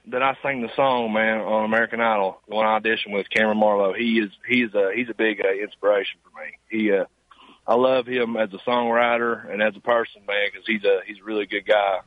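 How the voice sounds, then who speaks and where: A nineteen-year-old man with a Southern Appalachian accent on a phone call, talking in a humble, halting way and saying "man" often. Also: lowish voice, steady tone, no echo. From Eastern Kentucky mountains. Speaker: caller, singer guest. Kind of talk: casual phone interview. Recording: tinny phone line.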